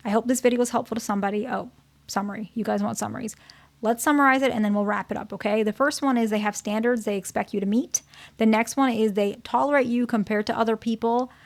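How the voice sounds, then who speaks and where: A woman's voice: fairly high pitch, fairly even intonation, fairly quick, gravelly, no room sound. A woman therapist giving relationship advice in a casual, conversational way, often checking in with "okay?" and "right?". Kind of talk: casual advice talk to her channel's viewers.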